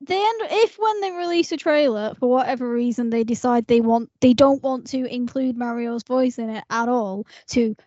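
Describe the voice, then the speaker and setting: Measured woman, dry lo-fi sound. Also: fairly high pitch, mellow, no room sound. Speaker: podcast co-host. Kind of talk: casual chat. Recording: dry lo-fi audio.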